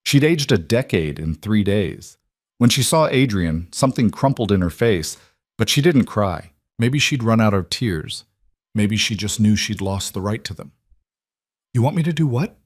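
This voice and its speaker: A man narrating a dramatic story in a calm, even reading voice. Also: lowish voice, moderate pace, no room sound, studio quality.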